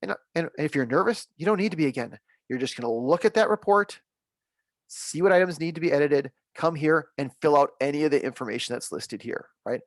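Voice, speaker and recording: Upbeat man leading a software webinar. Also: fairly high pitch, animated, brisk, no room sound. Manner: upbeat, reassuring, repeats key points. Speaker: software trainer. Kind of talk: webinar training walkthrough.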